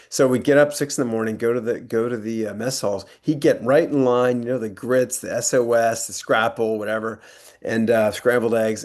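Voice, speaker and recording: A man in his sixties from the United States, telling anecdotes as a guest speaker in a rambling, conversational way. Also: fairly low pitch. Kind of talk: anecdotal storytelling talk.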